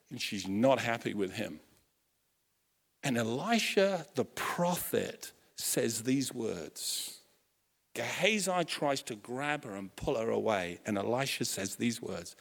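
A man preaching a sermon, telling a story with lively acted-out quotes and frequent restarts. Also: mid-range voice, vocal fry. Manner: animated storytelling, acts out quotes, self-correcting restarts. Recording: long hall reverb.

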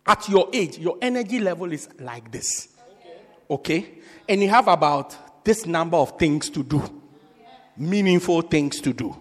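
A man preaching as a pastor, joking with the congregation and acting out quotes with sudden shouts. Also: a little high, lively intonation, unhurried. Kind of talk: lively sermon. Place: large church hall. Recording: reverberant hall.

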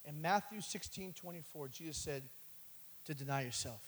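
Male preacher, sermon, high voice, calls for amens, soft asides then loud climaxes. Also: moderate pace, rough recording. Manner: calls for response with "amen" and "catch this".

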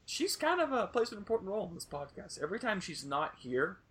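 A man's voice: sits high, big pitch swings, fast, a bit bright. A young man hosting a casual sports podcast, rambling loosely and swearing now and then. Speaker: podcast host.

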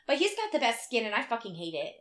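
Higher-pitched woman, casual co-host, blunt and foul-mouthed, echoey room. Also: wildly swooping pitch, fast talker, fairly bright tone. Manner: blunt, profane, joking. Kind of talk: casual chat.

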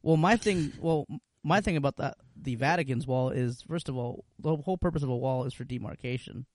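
A man co-hosting a comedy podcast, dropping deadpan crude one-liners in casual chat. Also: medium pitch, brisk, dry recording, clean studio sound. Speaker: podcast co-host.

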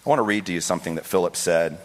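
A male pastor preaching a sermon with passion, acting out the voices in the Bible story and rising to high, pleading cries. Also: rapid-fire. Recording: long hall reverb.

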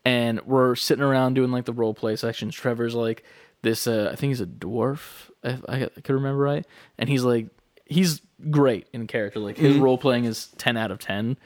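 A man's voice: mid-range voice, steady tone, normal speed, a little mellow, dry recording. Young male podcast co-host, rambling, filler-heavy, dry sound. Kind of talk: casual chat.

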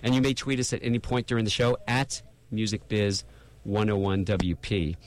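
A man's voice: fairly low pitch, level tone, moderate pace. A man hosting a live radio talk show, talking in a chatty, rambling way with frequent restarts.

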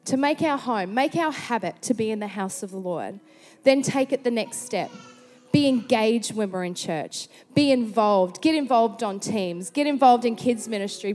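Australian woman preacher, slightly high voice, chatty storyteller, reverberant hall. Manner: chatty, animated storyteller who slips into quoted voices. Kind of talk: sermon with personal storytelling. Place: large church hall.

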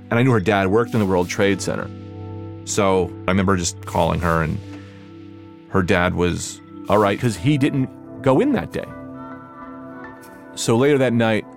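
Young man telling a personal story over music. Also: sits low. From New Jersey. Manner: conversational, animated when reliving quotes. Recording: music underneath.

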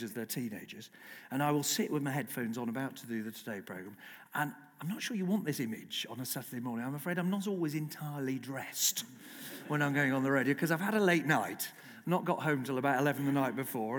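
A middle-aged man, a broadcast journalist and guest speaker, telling lively, self-mocking stories at a festival talk. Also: mid-range voice. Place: festival lecture hall. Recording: long reverb in a large hall.

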